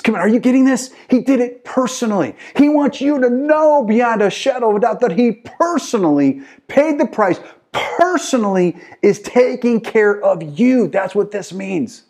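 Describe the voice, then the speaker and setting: A middle-aged man preaching a sermon with passion, swinging from loud, urging calls to hushed, intense storytelling. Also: sits high, expressive, normal speed. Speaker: pastor.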